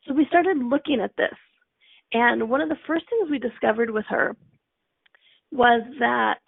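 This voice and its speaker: A woman coach talks on a live stream in a chatty way and acts out each quote. Her voice is gravelly and a little breathy, and it sits a bit high. The sound is dry and tinny, like a phone line. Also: no room sound. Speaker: life coach.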